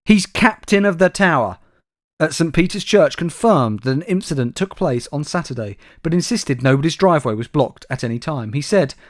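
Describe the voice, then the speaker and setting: Wry man with a slightly high voice. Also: dry recording. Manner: dry, wry delivery, addresses co-host by name. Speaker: podcast co-host. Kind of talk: reading news stories aloud with comic asides.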